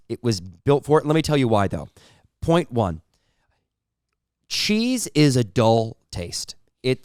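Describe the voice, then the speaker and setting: A man's voice: medium pitch, clean tone, no room sound, studio quality. Man arguing in mock-serious debate. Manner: mock-serious arguing, stumbling repetitions, laughing at own jokes. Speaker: podcast co-host.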